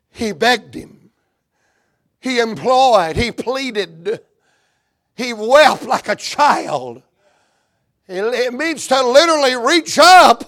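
Fervent high-voiced preacher. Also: male voice. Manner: fervent, rhythmic preaching with shouts and chanted runs. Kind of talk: sermon.

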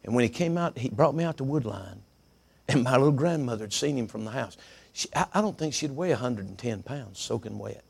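A middle-aged preacher man delivers a sermon in a gravelly, crackling voice. He tells folksy stories and doubles his words for emphasis. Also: mid-range voice, animated, a little fast.

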